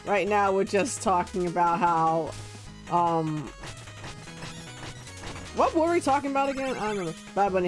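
A man's voice: high voice, lively intonation, moderate pace, pauses often, faint music behind. A young man streaming a video game and chatting with his viewers, bubbly and giggly. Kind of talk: casual gaming stream chat.

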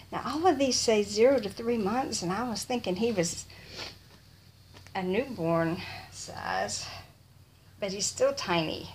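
A middle-aged woman, chatting softly and gushing, often in a whisper, while opening a gift box at home. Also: a little high, slight background noise. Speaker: vlogger. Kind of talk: casual unboxing chat. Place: home, indoors.

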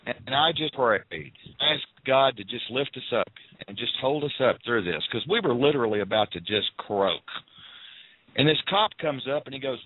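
A man from the southern United States calls in to a radio show as a guest and earnestly tells a personal story, repeating phrases for emphasis and quoting people in raised voices. His mid-range voice is husky with lively intonation at a moderate pace, and the dry recording comes through a tinny phone line.

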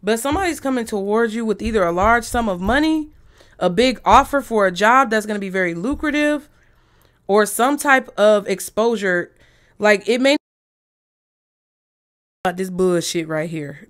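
A woman's voice: medium pitch, lively intonation, normal speed, long pauses. A woman giving a tarot reading to her viewers, speaking bluntly and emphatically with a lot of profanity. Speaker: tarot reader.

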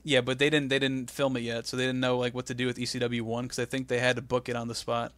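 This podcast co-host talks fast in a mid-range voice, recorded with no echo. In casual conversation he spins stories with animation, performing the quotes of other people.

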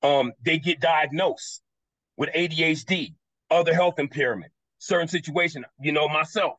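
Man, panelist, bright forceful voice, dry close sound, video call. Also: a little high, moderate pace, dry recording, low-quality recording.

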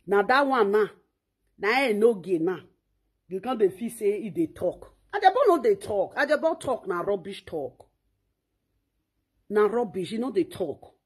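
A woman's voice: medium pitch, big pitch swings, measured pace, pauses often, a little mellow, breathy edge. A woman with a Nigerian Pidgin accent, ranting and scolding in a mocking, insulting way. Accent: Nigerian Pidgin English. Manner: refers to herself in third person. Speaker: online commentator. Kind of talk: ranting monologue.

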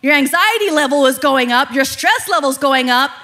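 A woman pastor in her thirties preaching a sermon in an animated, conversational way, laughing often. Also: sits high, normal speed.

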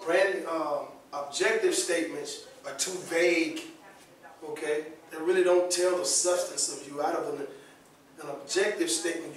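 Brief: male workshop presenter, raised voice, animated, keeps asking "all right?", captured from a distance in a very reverberant room. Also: on the high side. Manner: lively, asks the audience often, repeats "all right?" and "okay?". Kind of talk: classroom workshop talk. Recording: very echoey room, voice from far off the mic.

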